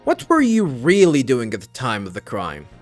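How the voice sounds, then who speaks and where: A man's voice: mid-range voice, huge pitch swings, moderate pace, soft background music. A man voicing an earnest young defense attorney in a video game, speaking firmly and accusingly. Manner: firm, accusing.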